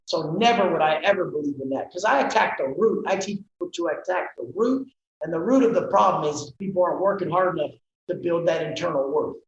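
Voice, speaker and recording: A man guest on a podcast interview, talking bluntly and forcefully and swearing freely. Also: sits high. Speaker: guest, fitness coach. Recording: roomy, dull sound with faint noise.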